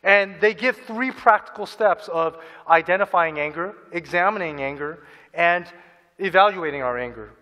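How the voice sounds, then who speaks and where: An earnest male preacher delivering a sermon, his voice pitched high and ringing bright. He acts out people's inner voices and repeats key phrases for emphasis. A long reverb trails behind him in a large hall. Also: moderate pace. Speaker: pastor.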